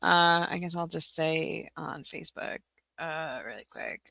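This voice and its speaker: Flustered woman on a livestream, bright voice with lots of fry, muttering to herself and saying sorry a lot. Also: deep voice, a little slow, no echo. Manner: flustered, apologetic, talking to herself; laughs often. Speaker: livestream host for teaching-resource sellers. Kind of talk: casual livestream chat.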